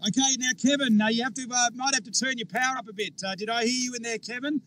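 High-voiced man chatting over noisy radio. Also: fairly even intonation, quick pace. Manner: chatty and cheery, calls people buddy and mate. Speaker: ham radio operator. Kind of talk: radio contact exchange.

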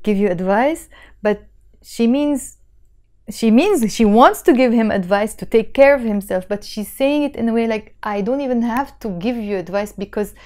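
A woman's voice: mid-range voice, mellow. A young woman with a Lebanese Arabic accent, patiently explaining and repeating phrases in a language lesson. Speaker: language teacher.

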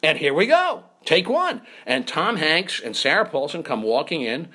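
A man hosts a comedy show and tells a story, acting out the people in it as he goes. His voice is bright and a little high, and it swings widely up and down. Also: moderate pace. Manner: animated, acts out voices in his stories. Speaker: comedian host. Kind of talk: comic storytelling chat.

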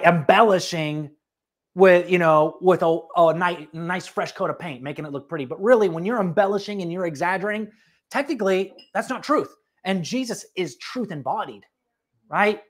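Casual sermon voice, lively asides, talks right at the crowd, mid-range pitch. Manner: conversational and animated, with asides and direct questions to listeners. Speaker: preacher. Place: church.

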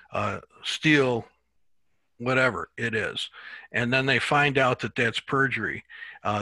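A man teaching a Bible class in a relaxed, halting way, often repeating words as he thinks. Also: medium pitch, no echo.

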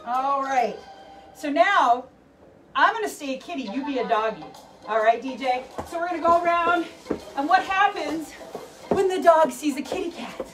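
A young woman with a high voice leads a playful animal workout, chatty and encouraging. She sounds a little distant from the microphone. Faint music plays underneath. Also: lively intonation, normal speed. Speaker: fitness instructor. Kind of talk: leading a kids' animal workout.

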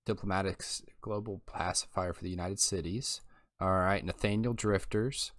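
A man's voice: sits low, steady tone, normal speed, fairly bright tone, no echo, clean studio sound. A young man giving casual, chatty gameplay commentary and thinking aloud as he plays. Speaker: let's play host.

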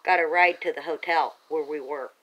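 Speaking to a home camera that a relative is holding, a woman rambles through her own story, agitated and insistent, often starting over. She has a deep, steady, slightly bright voice at normal speed, captured in low quality.

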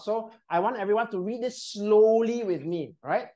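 This woman trains people in voice and presentation, leading a group through a live workshop in a training room. She keeps her instructions upbeat and checks in frequently, speaking in a mid-range, dark-toned voice at normal speed with hardly any pauses.

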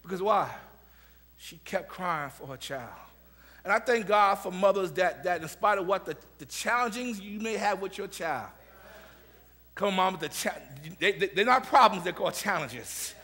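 A man with a high, bright, ringing voice preaches to a congregation, rising into fervent shouts and repeating himself as he calls out to the people. The sound carries the long, echoing reverb of a church sanctuary. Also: animated, moderate pace. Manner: impassioned preaching that builds to shouts. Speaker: senior pastor. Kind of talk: sermon.

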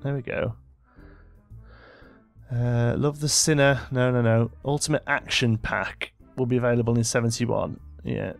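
A man's voice: mid-range voice, fairly even intonation, unhurried, creaky, faint music behind. A young man giving casual gameplay commentary, bossing his in-game characters around with mock exasperation. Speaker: let's play host.

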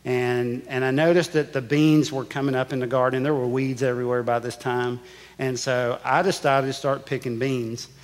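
A man's voice: mid-range voice, little pitch movement, moderate pace. A male pastor preaching a sermon, telling a personal story with emphatic repetition. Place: church sanctuary. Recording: church sanctuary with long reverb.

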